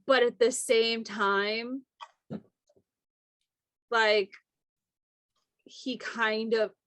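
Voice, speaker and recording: A woman's voice: on the high side, steady tone, very slow, a bit bright, no room sound. A young woman co-hosting a podcast, chatting casually about a movie with lots of filler words. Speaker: podcast co-host.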